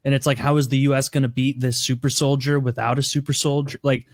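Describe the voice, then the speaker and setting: A podcast co-host with a middle-range voice who rambles loosely and thinks out loud, filling every sentence with "like". He is recorded dry and up close. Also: medium pitch, flat delivery, fast talker, dry recording. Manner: rambling, heavy use of "like". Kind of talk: casual chat.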